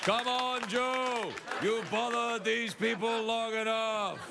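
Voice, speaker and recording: A man voicing a bossy male alien who loudly and impatiently scolds someone to come home. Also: extremely high pitch, steady tone, takes it slowly, vocal fry, a crowd in the background, pitched above the performer's own voice, heavily acted. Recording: studio audience laughter and noise.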